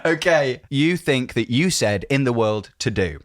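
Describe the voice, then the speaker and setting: A man's voice: medium pitch, expressive, measured pace. A man hosting a comedy podcast quiz, teasing his guest and laughing often. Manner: teasing, laughing, playful quizmaster. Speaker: podcast host.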